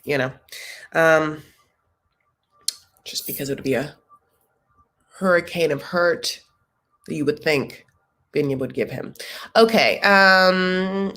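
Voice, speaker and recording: A woman with a fairly low voice hosts a casual live reaction chat. She talks in a chatty, sassy way, tossing out jokes and little asides as she goes. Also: a bit bright. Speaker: recap show host.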